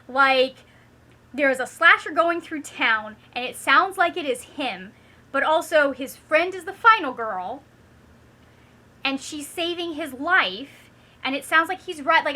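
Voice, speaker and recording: A woman's voice: high-pitched, bright, forceful tone. A woman hosting a book channel, chatting upbeat and casual about her reading list, with frequent "like" fillers.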